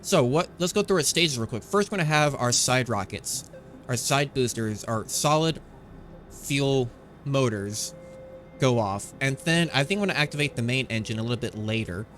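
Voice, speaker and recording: A man hosts his gaming channel and chats his way through a space game, correcting himself as he goes. His voice sits at an ordinary middle pitch, close to a desktop microphone. Quiet music plays underneath. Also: lively intonation, normal speed. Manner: chatty, rambling, self-correcting. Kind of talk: casual gameplay commentary.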